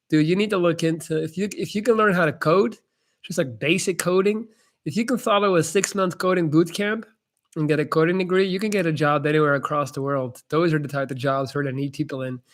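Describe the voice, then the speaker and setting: Young guy on a stream, kinda high voice, blunt laid-back advice, says man a lot. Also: fairly bright tone. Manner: blunt, casual, lots of "man" and "like". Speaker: host answering chat questions. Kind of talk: casual live-stream advice chat.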